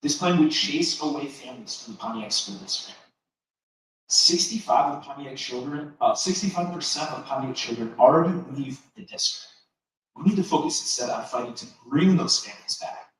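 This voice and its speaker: A man's voice: mid-range voice, animated, normal speed, fairly bright tone. A man giving a prepared public comment at a board meeting, earnest and persuasive. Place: large meeting room. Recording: echoey hall from far off, faint noise.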